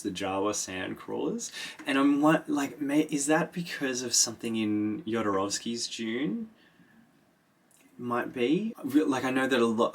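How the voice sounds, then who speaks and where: A man talks through a book in a loose, rambling podcast chat. His voice sits a bit low, with a gravelly crackle and a husky edge. He swears freely and slips into quick voices for the characters. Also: a bit bright. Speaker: podcast host. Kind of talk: casual book recap.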